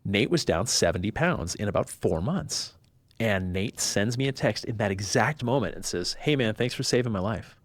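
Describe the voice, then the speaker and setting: A man's voice: fairly low pitch, moderate pace, no echo. A man, a podcast guest, telling a personal story in casual chat and acting out the voices of the people he quotes. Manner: animated, acts out quoted voices.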